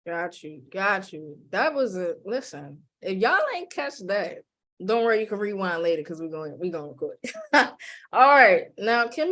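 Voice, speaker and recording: A woman's voice: medium pitch, big pitch swings, moderate pace, a bit bright. A woman hosting an online panel, hyping each guest with playful call-and-response introductions. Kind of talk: lively hype-up introductions.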